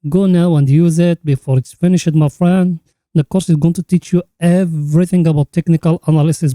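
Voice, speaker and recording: A man's voice: on the high side, mellow, no echo. A man hosting a market chart analysis, talking the viewer through it in an earnest, instructive way and repeating the same catchphrases. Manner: keeps addressing the listener as friend, repetitive catchphrases. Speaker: crypto chart analyst host.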